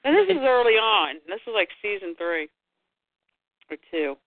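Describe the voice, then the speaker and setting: A woman's voice: medium pitch, sing-song, moderate pace, no room sound. A woman co-hosting a casual chat show, sharing a memory in an enthusiastic, rambling way. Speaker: podcast co-host. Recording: dry, phone-like narrow sound.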